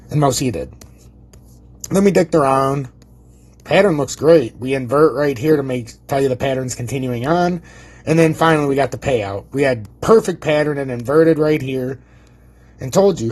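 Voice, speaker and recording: A man streaming casual market commentary, brash and boastful, swearing freely and rambling, with a husky voice. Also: fairly high pitch, normal speed, a little mellow. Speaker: crypto chart streamer.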